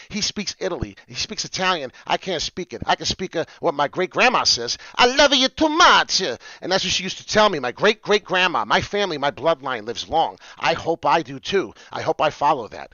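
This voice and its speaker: A man giving a fired-up motivational rant about charts, swearing often and swinging from shouting to muttering. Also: medium pitch, dry recording, lo-fi sound. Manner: swears often, preachy and rambling. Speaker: crypto chart streamer.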